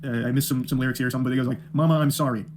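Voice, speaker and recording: A man's voice: medium pitch, monotone, rapid-fire, background noise. A man reviewing a film in an exasperated, profane, sarcastic rant. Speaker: film critic.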